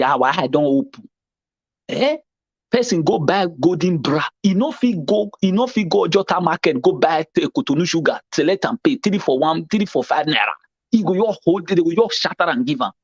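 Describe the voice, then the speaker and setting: Animated Nigerian man, emphatic pidgin commentary. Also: on the high side, no room sound, dull audio. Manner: emphatic, exclamatory, preachy. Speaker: panelist.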